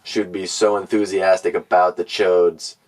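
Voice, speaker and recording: A man with a very low voice rambles mock-earnestly as co-host of a comedy podcast. He keeps the talk casual and a little meandering. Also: flat delivery, measured pace.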